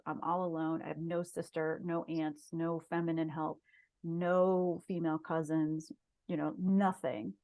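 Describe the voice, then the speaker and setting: Speaking with a fairly low, slightly mellow voice, this interview show guest, a middle-aged shaman and massage therapist, shares a personal story earnestly in a casual conversational way.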